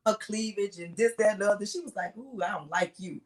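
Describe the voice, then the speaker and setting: A middle-aged woman, a singer as a guest, telling stories with lively acted-out quotes in a relaxed chat. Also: medium pitch, fast talker, over a noisy crowd. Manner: animated storyteller acting out voices. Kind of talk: casual interview storytelling.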